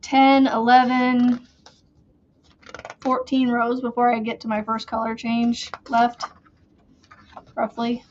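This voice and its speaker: Woman, crochet host, casual rambling chat, unhurried, muffled lo-fi sound. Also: on the high side, completely flat delivery, a little hiss or hum. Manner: slow, rambling, chatty with fillers.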